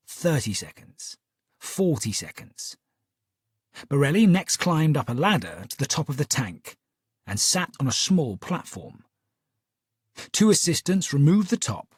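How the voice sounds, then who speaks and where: Casting: male audiobook narrator, animated delivery, slightly husky, dry booth sound. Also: on the high side, dry recording. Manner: lively, expressive storytelling. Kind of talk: scripted first-person narration.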